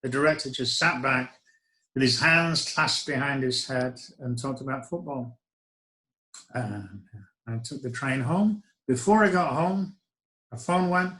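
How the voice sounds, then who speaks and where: A man's voice: medium pitch, animated, a little slow, sharp tone, rough recording. A middle-aged man, telling a personal story in a reflective, wry way with hesitant restarts. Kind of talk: first-person spoken storytelling.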